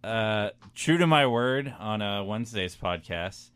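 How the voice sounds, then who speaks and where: A man's voice: lowish voice, animated, a little slow, fairly bright tone, clear, resonant tone. A man guesting on a casual podcast, joking and laughing often.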